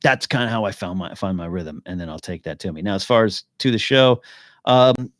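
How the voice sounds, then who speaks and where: A man's voice: sits low, a little fast, dry recording. Rambling male podcast host, dry sound. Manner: rambling, thinking aloud with restarts; answers chat questions as he goes. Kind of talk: casual live-stream chat.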